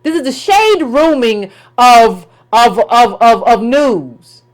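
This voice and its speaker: A high-pitched woman delivering a political commentary rant. She talks in an emphatic, colloquial way, circling back on her words and firing off rhetorical questions. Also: expressive, takes it slowly.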